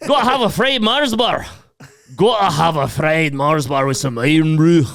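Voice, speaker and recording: A man's voice: fairly high pitch, moderate pace, vocal fry, a bit bright, pitched above the performer's own voice. A man voicing a rowdy local Scottish man in an exaggerated mock Scottish accent. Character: loud mock-Scottish local man raving about fried food.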